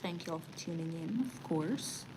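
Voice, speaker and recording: A woman's voice: low voice, animated, normal speed, darkish tone, slight background noise, low-quality recording. A woman with a Jamaican accent hosting a casual livestream, chatty and sliding into patois. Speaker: livestream news host.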